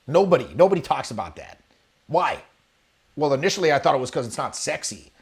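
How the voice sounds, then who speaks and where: A man teaching charisma to camera, lively and demonstrative, acting out examples and swearing casually. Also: fairly high pitch, brisk, gravelly. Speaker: charisma coach. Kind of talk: animated coaching talk to camera. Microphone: webcam or camera, video talk.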